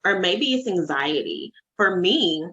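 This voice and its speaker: A woman's voice: on the low side, animated, unhurried, a bit bright, slightly rough. A woman in her thirties hosting a casual podcast chat as a life coach, telling stories in an effusive way with many fillers. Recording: dull lo-fi remote audio.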